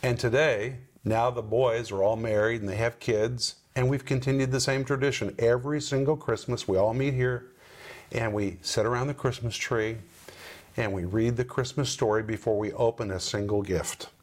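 A middle-aged man with an ordinary mid-range voice hosts a Bible-teaching broadcast. He teaches with emphasis, slowing down and leaning on key words. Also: medium pitch, fairly even intonation. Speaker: Bible teacher and program host.

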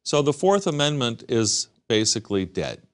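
A man's voice: mid-range voice, very animated, moderate pace. A man from the United States, a guest in an interview, speaking emphatically and repeating words in lists. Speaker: guest commentator. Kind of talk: interview answers.

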